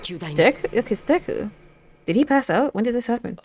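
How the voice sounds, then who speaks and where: A young woman hosting an anime reaction, talking casually with lots of fillers, gasps and excited exclamations. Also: fairly high pitch, fairly quick, no echo. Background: anime episode soundtrack playing.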